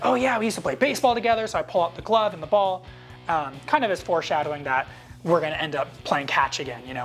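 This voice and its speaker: A man in his thirties casually telling behind-the-scenes stories to camera, animated and acting out quoted lines in a higher voice. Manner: animated, jumps up in pitch to act out quoted lines.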